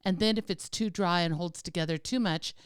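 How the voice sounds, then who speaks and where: A woman co-hosting a podcast in casual chat, lively, explaining things step by step with many tag questions. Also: fairly low pitch, fairly quick, clear, resonant tone, dry recording, studio quality. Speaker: podcast co-host.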